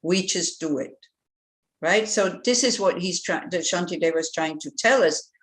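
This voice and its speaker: A Buddhist nun giving an informal teaching in a relaxed, conversational way, wandering into stories. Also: female voice, on the low side, moderate pace. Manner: relaxed, conversational, digressive with anecdotes and fillers.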